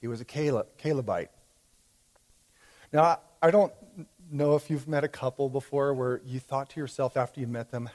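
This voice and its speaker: A man's voice: mid-range voice, normal speed, a little mellow. A man preaching a sermon in a conversational way, with fillers and restarts as he explains a Bible story. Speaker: pastor.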